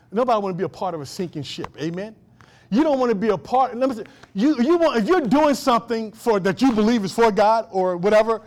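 Middle-aged preacher guy, high voice, chatty sermon, keeps asking the church "how many know". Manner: folksy, laughing asides, call-and-response questions. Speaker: pastor.

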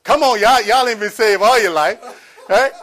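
A man's voice: high-pitched, moderate pace, a bit bright, pitched above the performer's own voice. A preacher doing his laughing party-boy roommate. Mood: teasing. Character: partying young man, teasing college roommate.

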